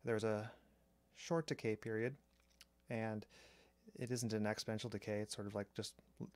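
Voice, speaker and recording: A man calmly explaining a drum machine's sounds step by step, pausing between phrases as he demonstrates. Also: on the low side, dry recording. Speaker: synth reviewer. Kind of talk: technical demo narration. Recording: strong mains hum on the mic.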